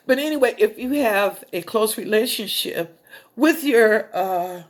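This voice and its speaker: A woman's voice: mid-range voice, measured pace. Folksy, tearful middle-aged woman. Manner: folksy, emotional, addresses viewers as y'all. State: tearful, choked up. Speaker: psychic show host. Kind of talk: talk show monologue to viewers.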